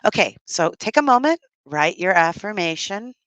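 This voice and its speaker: A woman's voice: medium pitch, very animated, moderate pace, fairly bright tone, no echo, dull audio. A middle-aged woman speaker leading a live online workshop, effusive and gushing, often gasping and exclaiming with delight. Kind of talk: live-streamed workshop talk.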